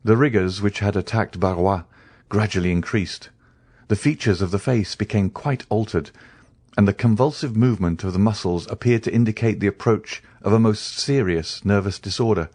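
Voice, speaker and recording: A man narrating an audiobook in an even, measured reading. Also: fairly low pitch, no echo, studio quality.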